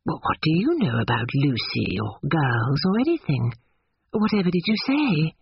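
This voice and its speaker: A man reading an audiobook, voicing a fussy, indignant middle-aged mother with a brisk, scolding manner. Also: on the high side, big pitch swings, vocal fry, husky, dry recording, lo-fi sound, exaggerated voice.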